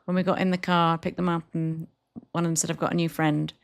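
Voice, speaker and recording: A woman's voice: low voice, level tone, quick pace, vocal fry. A woman co-hosting a podcast in casual chat, rambling and poking fun at herself. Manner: self-mocking, rambling, laughs often. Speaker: podcast co-host.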